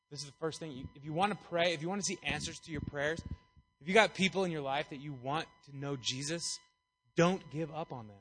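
A man gives an easygoing, playful sermon, joking as he explains scripture. His voice is bright and forceful, pitched a little above most men's, and he talks in a loose, chatty way. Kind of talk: casual sermon.

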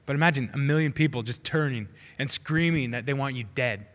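A young man preaching a casual, passionate sermon, dropping to a hush and rising to shouted prayers. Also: mid-range voice, brisk. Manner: swings from hushed to shouting prayers; acts out quoted voices, casual slang. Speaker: youth preacher. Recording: long hall reverb.

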